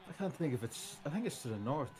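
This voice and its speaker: A man with a mid-range voice co-hosts a live watch-along stream, talking fast and very animated while a crowd sounds in the background. In casual banter full of profanity, he chats about football and its history and tells old football stories.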